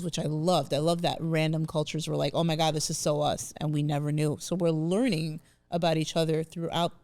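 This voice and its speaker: A woman's voice: lowish voice, a little mellow, dry recording. A young woman comedian talking casually in an interview, chatty and open. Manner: chatty, emotional, laughs through tears.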